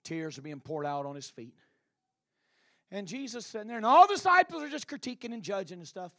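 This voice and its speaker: A man preaching a sermon in a dramatic, impassioned storytelling manner, often shouting. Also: high voice, big pitch swings, brisk, no echo, clean studio sound.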